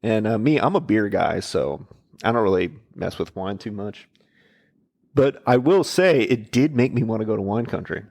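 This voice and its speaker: Gravelly, low-voiced man hosting a podcast. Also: moderate pace. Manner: relaxed, asks questions and shares trivia. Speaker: podcast host. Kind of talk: casual chat.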